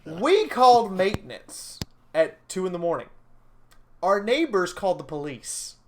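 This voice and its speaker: Animated woman telling a stream story. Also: on the low side, a little slow, a little hiss or hum. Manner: animated, stammers and repeats words, laughs often. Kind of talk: casual storytelling on a live stream.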